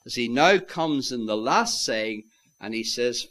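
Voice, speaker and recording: A man preaching a sermon, swinging from loud declarations to hushed, near-whispered lines and calling his listeners "my friends". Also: mid-range voice, animated, moderate pace.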